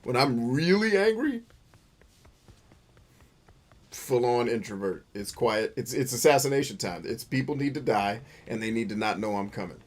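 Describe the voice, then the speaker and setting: A man hosting a gaming show, riffing through casual gameplay commentary, boisterous and playful, full of slang and swearing, with sudden loud outbursts. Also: lowish voice, fairly quick, few pauses. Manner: boisterous and playful, bursts into loud shouts and laughter.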